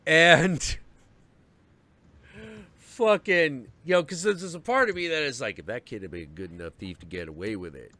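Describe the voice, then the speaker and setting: A man's voice: medium pitch, a little fast, few pauses, no room sound. A man hosting a live stream, telling a story in a casual, profane rant and acting out the people in it. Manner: animated, profane, acts out voices in his story. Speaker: stream host.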